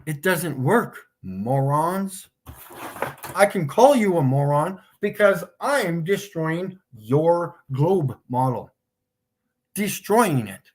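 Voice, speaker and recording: A man's voice: fairly high pitch, animated. A man hosting a live stream, taunting his chat in a mocking tone and laughing often. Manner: slow, drawn-out delivery with big swings in loudness. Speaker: livestream host.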